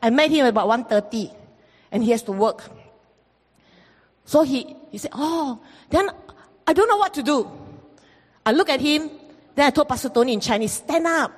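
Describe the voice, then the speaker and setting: A woman pastor preaching a sermon, telling stories in an animated way and acting out the voices in them. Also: high voice, moderate pace, long pauses, slightly rough. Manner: animated storytelling, acts out quoted voices, repeats phrases. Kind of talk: sermon with storytelling. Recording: long reverb from a hall.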